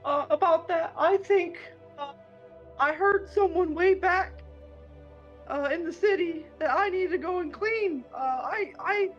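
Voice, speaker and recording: Woman player, very high voice, dull lo-fi mic, halting. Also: soft background music. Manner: hesitant, full of ums and ohs. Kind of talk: casual tabletop play.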